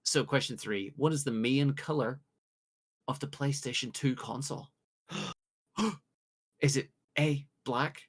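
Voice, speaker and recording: A British man hosts a casual podcast quiz, joking along as he reads out multiple-choice questions with drawn-out pauses. His voice is husky and medium-pitched.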